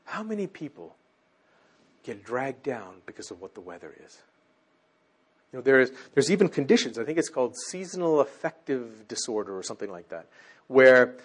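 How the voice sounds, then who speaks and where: Male preacher, husky and lively, big dynamic swings between shouts and hushed asides. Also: on the high side. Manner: animated, swings from loud exclamations to near-whispers. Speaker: teacher. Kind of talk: sermon.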